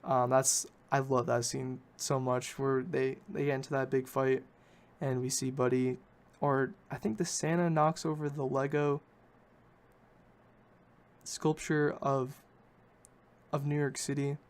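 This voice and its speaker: A man's voice: mid-range voice, flat delivery, unhurried. Guy on a podcast retelling a movie plot, rambly, keeps correcting himself. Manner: rambling, self-correcting, hedges often. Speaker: podcast host. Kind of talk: casual movie recap.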